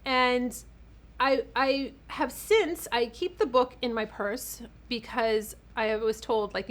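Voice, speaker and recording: Emotional storytelling woman, bright voice. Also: a little high, slow pace. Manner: emotional, animated, lots of fillers and restarts. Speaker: vlogger and author. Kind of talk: casual storytelling to camera.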